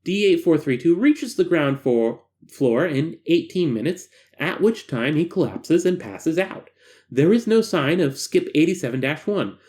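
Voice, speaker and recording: A man's voice: fairly high pitch, a little mellow. A man reading an eerie case file aloud and breaking off for joking, casual asides. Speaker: narrator and host.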